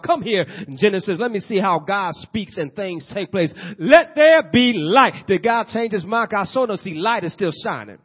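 A man preaching a sermon, building to loud bursts and asking the congregation questions. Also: sits high, husky, muffled recording. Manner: preaching with rising bursts and call-and-response questions. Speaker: pastor.

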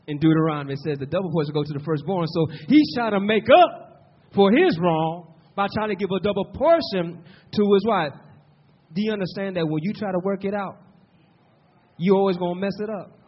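Husky high-voiced preacher man, muffled recording. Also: expressive, fairly quick. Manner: rhythmic call-and-response preaching, repeating words for emphasis. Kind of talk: sermon.

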